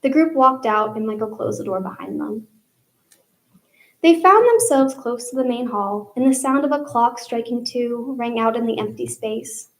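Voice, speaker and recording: A young woman, a student, reads her own fiction aloud live in a storytelling style, asking listeners to raise their hands in a poll. Her voice is on the high side with lively intonation, and she speaks at a moderate pace on a rough recording.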